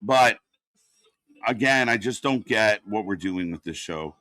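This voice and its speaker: A man's voice: lowish voice, lively intonation, measured pace, bright, forceful tone, dry recording. A man doing unscripted live watch-party commentary, ranting and swearing in exasperation.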